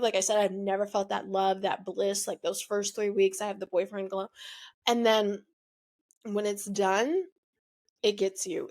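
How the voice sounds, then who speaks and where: Young woman host, candid confessional storytelling, chatty with lots of fillers, mid-range voice. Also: mid-range voice. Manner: chatty, filler-heavy, emotional, frequent "like". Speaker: podcast host. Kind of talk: personal storytelling monologue. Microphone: studio microphone.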